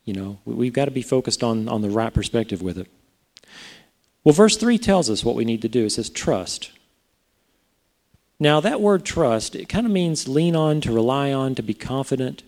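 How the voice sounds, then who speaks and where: A pastor preaches a sermon in a mellow, warm voice whose pitch rises and falls a lot. Animated and a little fast, he speaks casually and checks in with the congregation through rhetorical questions.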